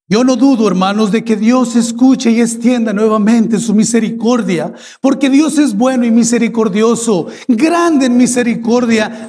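A middle-aged man with a Spanish accent preaches a fervent bilingual sermon, his voice sitting unusually high. He pleads and repeats his phrases. A long reverb from the church hall trails after his words. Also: a little mellow.

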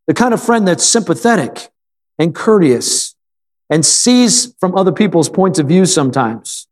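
A middle-aged male pastor delivers a folksy sermon, telling stories and drawing amens from the congregation. His voice sits somewhat high for a man. A long reverb from the church hall trails behind his words. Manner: folksy storytelling with calls for amen.

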